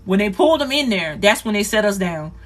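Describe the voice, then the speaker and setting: Fast-talking woman telling a raw personal story. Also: medium pitch, sing-song. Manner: rapid, repetitive, raw and earnest. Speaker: livestream host. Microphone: phone.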